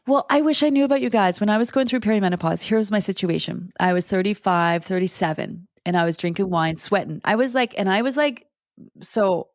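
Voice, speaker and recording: A woman in her forties, a podcast guest, telling personal stories in a blunt, profane, animated way with frequent restarts. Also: mid-range voice, a little fast, no echo, clean studio sound. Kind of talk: candid conversational storytelling.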